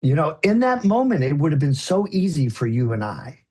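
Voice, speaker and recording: A man guesting on an interview show, telling a story in an earnest, conversational way with soft laughs. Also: on the high side, sing-song, a little fast, breathy edge. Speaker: guest, illusionist and educator.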